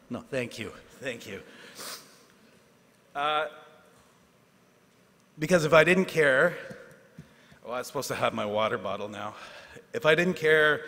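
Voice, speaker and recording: A man, a teacher giving a graduation speech, earnest and self-deprecating, with asides and pauses for effect. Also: mid-range voice, animated, a bit bright. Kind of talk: ceremonial speech. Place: large hall at a ceremony. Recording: hall reverb.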